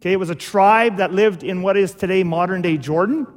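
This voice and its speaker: Male pastor, high voice, sermon delivery, explanatory, lingering hall reverb. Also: a little fast. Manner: explanatory, repeats "okay?" to check understanding. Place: church.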